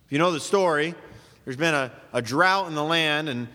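A pastor preaches a sermon in a high, bright voice, driving his point home with one rhetorical question after another. The delivery is emphatic at a moderate pace, and the long reverb of a large hall carries the sound.

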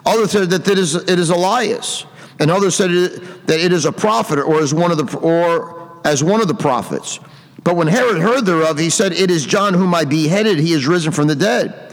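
A man's voice: a little high, normal speed, long reverb tail. A man preaching a sermon, reading King James verses aloud and commenting on them with emphasis.

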